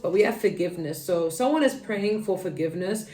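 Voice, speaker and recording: A woman with a lowish voice gives a tarot reading in a rambling, earnest way, full of fillers and false starts. She sits a little back from the mic, and her voice rings in an echoey room. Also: lively intonation, brisk, warm tone, distant mic. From United Kingdom. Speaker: tarot reader. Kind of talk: tarot card reading to viewers.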